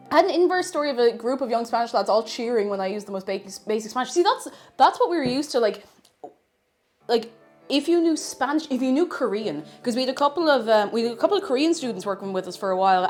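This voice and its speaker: Animated woman streamer. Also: fairly high pitch. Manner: animated, self-mocking anecdotes with many fillers. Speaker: live streamer. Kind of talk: casual live-stream storytelling.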